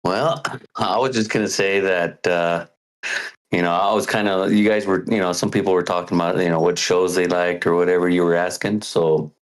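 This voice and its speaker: Very deep-voiced rambling man. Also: steady tone, poor audio. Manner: rambling, halting, many fillers. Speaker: longtime caller. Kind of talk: casual call-in chat.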